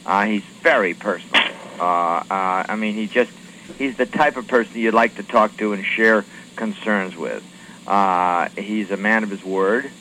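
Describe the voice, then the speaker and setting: A man, a congressman, answering questions from radio reporters in a halting way, with many fillers and restarts. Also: on the low side, noisy background. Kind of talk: radio call-in interview.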